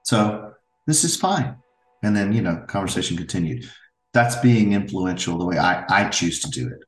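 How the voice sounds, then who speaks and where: A man's voice: low voice, lively intonation, normal speed. A middle-aged man, a father, talking earnestly as a podcast guest and telling stories from family life. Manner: earnest, storytelling, with restarts. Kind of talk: reflective interview talk. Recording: roomy echo.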